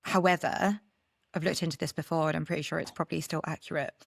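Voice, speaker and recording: A woman's voice: deep voice, fairly even intonation, fast, vocal fry, no room sound, clean studio sound. A woman from Britain co-hosting a casual podcast, explaining her points in a chatty, emphatic way. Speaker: podcast co-host.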